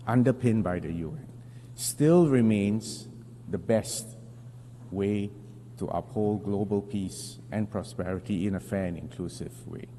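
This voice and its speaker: A man from Singapore delivers a formal speech from a podium in a large hall, where long reverb trails each phrase. His voice is low and mellow, and a faint hum sits under the broadcast recording. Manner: measured, emphatic delivery with pauses. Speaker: foreign minister addressing the assembly. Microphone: podium microphone.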